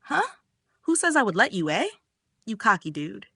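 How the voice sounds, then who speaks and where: A woman's voice: medium pitch, sing-song, moderate pace, a bit bright, no room sound, clean studio sound. A woman voicing a young woman who is shy but snaps back at her brother, in a nervous, snappy tone. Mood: flustered.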